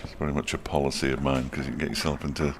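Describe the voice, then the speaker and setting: A man's voice: very deep voice, little pitch movement, rapid-fire, slight background noise. A middle-aged man giving ball-by-ball cricket commentary, with dry, wry asides between deliveries.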